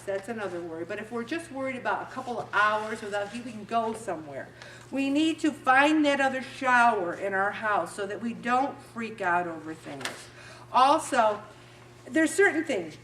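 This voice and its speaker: A woman hosting a faith talk show speaks in an animated, self-mocking way, acting out little scenes as she gives a motivational talk. Her voice sits a little high. She sounds a bit far from the mic in a roomy, echoing space. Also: a little hiss or hum. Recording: roomy echo, distant mic.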